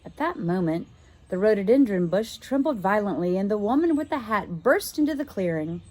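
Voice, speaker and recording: A woman teacher reading a children's chapter book aloud, expressive and now and then stopping to work out a word. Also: mid-range voice, normal speed. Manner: expressive, stops to puzzle out words.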